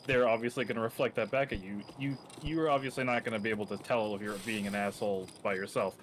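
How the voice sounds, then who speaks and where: A man's voice: lowish voice, steady tone, fast, poor audio. Rambling, thoughtful man, faint background hiss. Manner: rambling and reflective, full of "like" and "um". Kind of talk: casual chat.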